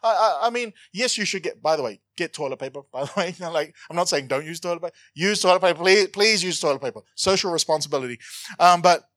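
A man preaching a sermon, animated and joking, swinging from loud to hushed. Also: high-pitched, no echo. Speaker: pastor.

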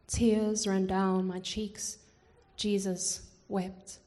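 A woman performing spoken word poetry in church, slow and measured, with dramatic pauses. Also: mid-range voice, flat delivery, dark tone. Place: church hall. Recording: hall reverb.

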